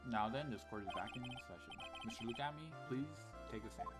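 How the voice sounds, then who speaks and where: A man's voice: mid-range voice, fairly quick, loud music behind the voice, lightly acted. A man reading as a stern game judge. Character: stern older male judge.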